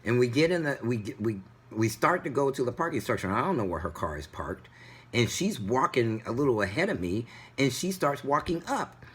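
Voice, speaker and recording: Husky low-voiced guy ranting through a story, pitch all over the place. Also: brisk. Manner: animated, indignant retelling. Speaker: vlogger. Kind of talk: casual storytelling vlog.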